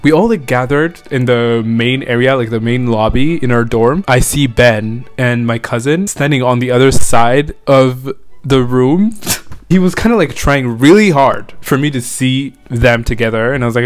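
A young man chatting through a storytime vlog in a loose, rambling way. His voice sits at an everyday middle pitch, and he keeps circling back with "like" and asides to the listener. He sounds relaxed and unscripted. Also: normal speed. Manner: rambling, filler-heavy, frequent "like" and "you know what I mean". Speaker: vlogger telling a personal story. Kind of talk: casual storytime monologue.

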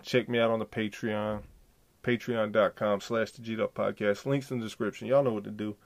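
A man's voice: fairly low pitch, steady tone, brisk, creaky. A man hosting his own podcast solo, talking in a profane, slangy, rambling way. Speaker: podcast host. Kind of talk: solo casual podcast commentary.

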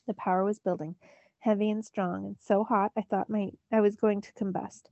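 A woman's voice: mid-range voice, little pitch movement, moderate pace, dry recording, lo-fi sound. A teacher reading a novel aloud to her students, narrating expressively in the first person. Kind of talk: storybook read-aloud.

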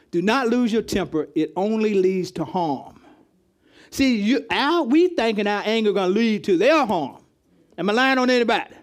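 A man with a high voice preaches to his congregation in a loose, conversational style. He asks questions of people in the room and often repeats words as he goes. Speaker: pastor. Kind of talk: interactive sermon teaching. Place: church hall with congregation.

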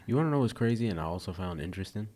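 A man's voice: deep voice, animated, very fast, darkish tone. A man hosting a podcast, talking loosely and animatedly in casual chat, with casual swearing. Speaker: podcast host.

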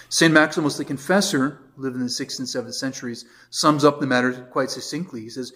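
A man with an American accent, a priest teaching a catechism class in a conversational lecture style, telling anecdotes and reading passages aloud. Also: medium pitch. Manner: conversational, tells anecdotes with quoted voices, reads passages aloud.

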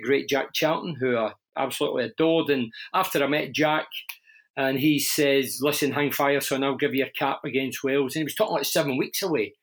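With a mid-range, slightly bright voice and a thick Glaswegian accent, this middle-aged Scottish man, once a footballer and radio presenter, chats as an interview guest. He shares candid stories and frequently starts over mid-sentence.

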